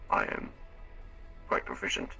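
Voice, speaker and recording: A man voicing a formal augmented alien with servos, speaking in a measured, clipped way in a live role-play. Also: bright, forceful tone. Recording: distant mic with faint music.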